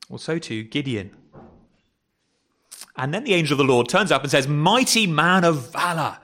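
A male pastor with a raised pitch and fairly bright tone delivers a chatty sermon in church, asking the congregation rhetorical questions. He stumbles, repeats words and corrects himself as he goes.

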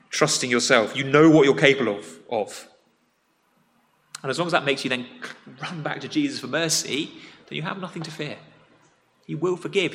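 Bright-voiced preacher in a reverberant church. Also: male voice, on the high side. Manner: conversational, plain-spoken, swings between loud emphasis and quiet earnest drops. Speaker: pastor. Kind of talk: sermon. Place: church sanctuary. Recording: long reverb of a church hall.

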